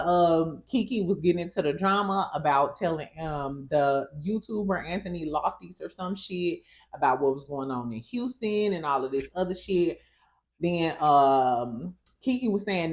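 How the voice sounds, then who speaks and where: A young woman with a St. dishes on a reality show in casual, profane commentary. Her voice sits low but swings widely, full of sass and bursts of laughter. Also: a little mellow. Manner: sassy, profane, laughs often. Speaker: reality TV recap host.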